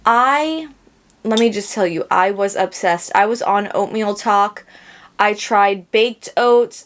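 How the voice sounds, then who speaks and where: A woman's voice: medium pitch, takes it slowly. A young woman hosting a casual solo podcast, rambling and joking at herself, talking through lots of fillers and restarts while sounding a little under the weather. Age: young adult. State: sick. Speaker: podcast host.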